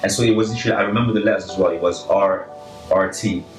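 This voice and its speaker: Brief: young man, lowish voice, chatty anecdote, roomy distant mic with faint music. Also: very fast. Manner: animated, filler-heavy, full of "like" and "right?". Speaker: podcast co-host telling a story. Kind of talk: casual storytelling chat. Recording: echoey room, slightly distant, faint music.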